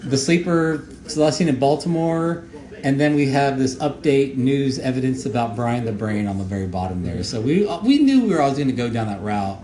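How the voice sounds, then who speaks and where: A man's voice: mid-range voice, animated, dark tone. Rambling man in an echoey room. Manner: rambling, halting with many fillers and repeated words. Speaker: show creator giving commentary. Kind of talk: casual audio commentary. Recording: echoey room with faint noise.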